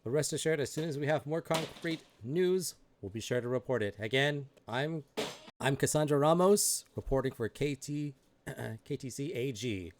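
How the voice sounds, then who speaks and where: A man doing a brisk woman news reporter. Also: mid-range voice, a little hiss or hum, pitched above the performer's own voice, lightly acted. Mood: composed. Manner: brisk, formal on-air sign-off.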